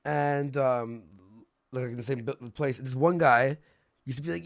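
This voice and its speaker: A man hosting a casual livestream, telling stories in an animated way, swearing and acting out the people he quotes. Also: medium pitch, moderate pace, dry recording, clean studio sound. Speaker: stream host.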